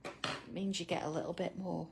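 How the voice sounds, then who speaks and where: A woman's voice: on the low side, fairly even intonation, moderate pace, vocal fry, a little hiss or hum. A middle-aged woman hosting a live drawing tutorial, chatting casually with viewers by name and laughing often. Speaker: art tutorial host.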